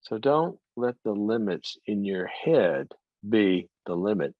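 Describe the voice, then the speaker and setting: Animated storytelling man, low voice. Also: takes it slowly, no room sound. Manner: animated storyteller, laughs often, repeats words. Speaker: psychologist and speaker. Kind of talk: storytelling motivational talk. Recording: dry, slightly dull sound.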